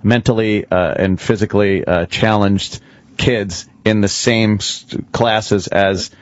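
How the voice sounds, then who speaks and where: A radio host man with a lowish voice who talks bluntly and throws in crude asides. The studio sound is dry and a bit dull. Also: steady tone, slow, no room sound. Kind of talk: casual radio chat.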